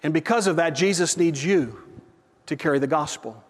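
A man's voice: on the high side, moderate pace, long reverb tail. A man preaching a sermon, telling a mission story earnestly and asking the congregation for agreement. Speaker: pastor.

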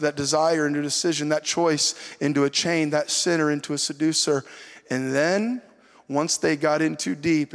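A man preaching a sermon as pastor, speaking in an animated, conversational way and often repeating himself for emphasis. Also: a little high. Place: church sanctuary. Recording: long reverb of a large hall.

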